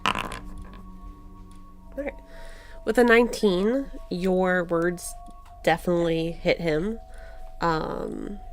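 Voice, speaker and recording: A woman narrating as game master in a relaxed, unhurried way. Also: on the low side.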